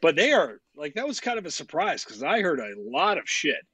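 A man co-hosting a sports podcast in casual chat, with a voice that sits a little high and swings widely in pitch. He is blunt and opinionated and swears freely. The sound is dry and close. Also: very animated, brisk, fairly bright tone, slightly rough, no room sound. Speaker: podcast co-host.

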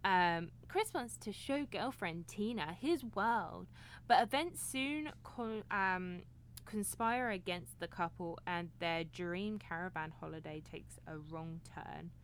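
A woman's voice: on the low side, takes it slowly, slight background noise. Giggly British woman chatting. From England. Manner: giggly, swearing freely. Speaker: podcast co-host. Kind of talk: casual chat.

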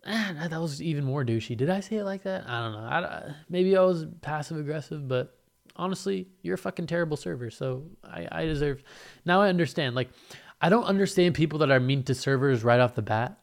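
A man's voice: fairly high pitch, expressive, a little fast, gravelly. A young man telling a casual storytime rant, profane and sarcastic, acting out the people in it.

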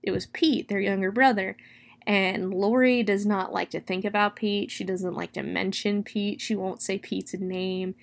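A woman's voice: mid-range voice, a little slow, gravelly. A woman reviewing a book, casually retelling a grim plot with lots of "like" and "you know.". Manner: chatty, with many "like" and "you know" fillers; expressive, dwelling on gory detail.

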